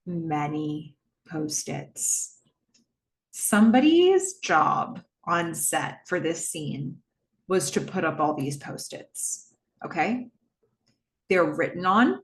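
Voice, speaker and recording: Chatty woman podcaster in an echoey room. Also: lowish voice. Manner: chatty, laughs often, jumps into character voices. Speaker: podcast host recapping a TV episode. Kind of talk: casual recap with acted-out quotes.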